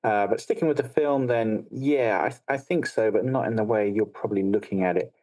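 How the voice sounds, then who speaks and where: A man's voice: lowish voice, brisk, dark tone, no echo, low-quality recording. A man co-hosting a film podcast, analytical and blunt, swearing freely. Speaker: podcast co-host. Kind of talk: casual film discussion.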